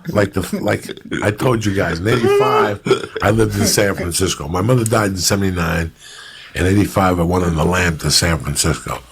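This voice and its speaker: Cuban-born podcast host, 50s, low and gravelly, swears freely, animated storyteller. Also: male voice, moderate pace. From Cuba. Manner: profane, animated storyteller who mimics people. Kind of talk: casual storytelling chat.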